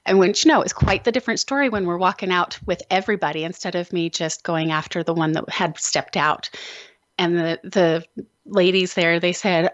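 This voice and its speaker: A woman hosting a radio talk show, telling a story with plenty of expressive energy. Her voice sits at an ordinary pitch. The sound is dull and lo-fi, with no room echo at all. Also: moderate pace. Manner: lively, animated storytelling. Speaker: host. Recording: dull, lo-fi dry recording.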